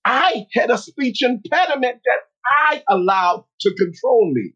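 A man telling a personal story as a motivational talk, speaking slowly and earnestly with pauses. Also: very high voice, lively intonation, a bit bright, breathy edge, muffled recording.

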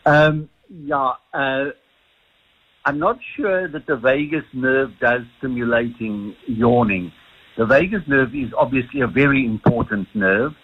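A South African man on a radio call-in, a doctor explaining things slowly. His voice is husky and the line is dull and lo-fi. He restarts and repeats words as he thinks. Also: medium pitch. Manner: hesitant, repeats words often. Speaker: sleep doctor guest. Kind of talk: radio phone-in interview.

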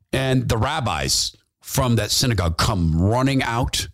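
A man's voice: medium pitch, expressive, unhurried, few pauses, a bit bright. Guy ranting on his podcast, voice swings up and down a lot, preachy and fired up. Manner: fervent, repetitive, preachy. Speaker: podcast host. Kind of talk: impassioned political commentary.

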